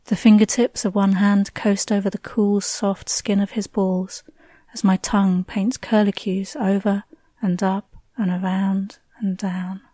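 A woman reading a first-person story aloud in a soft, hushed way that drifts into breathy whispers. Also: mid-range voice, flat delivery, a little slow, no echo. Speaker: narrator.

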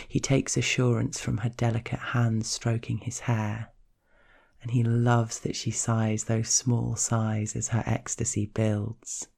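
A man narrating a scripted story in a slow, hushed, measured way. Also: fairly low pitch, creaky.

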